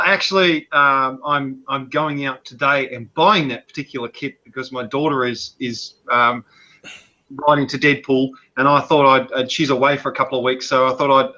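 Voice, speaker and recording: Eager guy on a video chat explaining stuff, bright punchy voice, keeps restarting, muffled sound. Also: medium pitch, steady tone, fairly quick. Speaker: guest modeler. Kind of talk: casual video-call chat. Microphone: video call.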